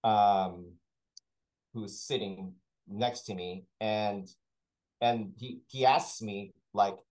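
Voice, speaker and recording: A man's voice: lowish voice, fairly even intonation, very slow, a little mellow, poor audio. A man, a talent sourcer, chatting as an interview guest and telling rambling anecdotes full of restarts. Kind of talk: casual interview storytelling.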